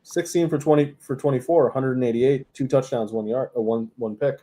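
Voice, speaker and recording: A man's voice: mid-range voice, steady tone, brisk, mellow. A man co-hosting a sports podcast in casual chat, laid-back, reading out stats and making dry quips.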